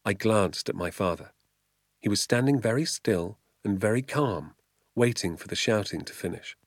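A man reading a children's novel aloud as an audiobook, with measured, vivid storytelling. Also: on the low side, expressive, dry recording, studio quality. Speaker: audiobook reader. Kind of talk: audiobook narration.

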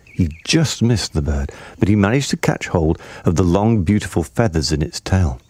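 A man narrating a children's story in a measured, expressive reading. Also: deep voice, slightly rough.

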